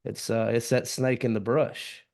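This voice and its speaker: A man's voice: medium pitch, level tone, a little slow, gravelly, a little mellow. Laid-back southern guy hosting a podcast, earnest, folksy talk. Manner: earnest, easygoing, folksy comparisons. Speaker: podcast host. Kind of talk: casual chat.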